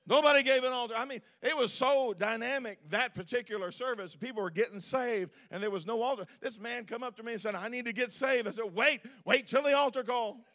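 A man preaching a sermon as pastor, swinging between loud, shouted peaks and quiet, low asides. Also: fast, few pauses.

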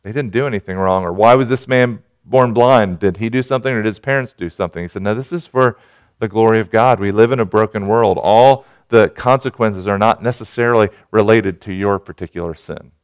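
A man preaching a sermon in an earnest manner, rising to urgent pleading and dropping to quiet reflection. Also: fairly low pitch, brisk, smooth. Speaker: pastor.

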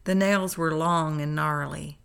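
A woman reads her own memoir aloud in a calm, unhurried manner. Her voice sits on the low side, and she tells the story plainly. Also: vocal fry, smooth. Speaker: narrator. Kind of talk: memoir read-aloud narration.

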